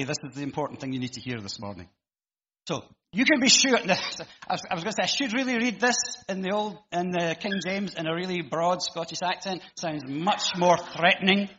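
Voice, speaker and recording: A man's voice: high-pitched, lively intonation, fairly quick, pushed and bright, a little hiss or hum. A man preaching a sermon and reading scripture aloud, chatty and joking between the readings. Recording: muffled with long hall echo.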